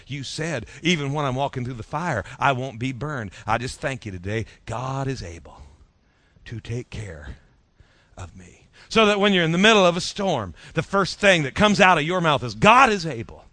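Bright-voiced male preacher, dry sound. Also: medium pitch, very animated, moderate pace, dry recording. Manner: rhythmic preaching, trailing off softly at phrase ends; leads congregation in call-and-response. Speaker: pastor. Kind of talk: sermon.

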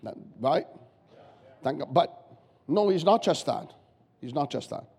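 A guest pastor preaching a sermon, emphatic and repetitive, firing rhetorical questions at the congregation. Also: male voice, a little high, animated, unhurried, a little mellow, husky. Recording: long church hall reverb.

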